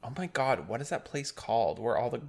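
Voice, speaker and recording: A man's voice: mid-range voice, sing-song, brisk, gravelly. A man co-hosting a casual podcast, talking hesitantly and enthusiastically about a film. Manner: hesitant, many fillers and restarts, enthusiastic. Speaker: podcast co-host.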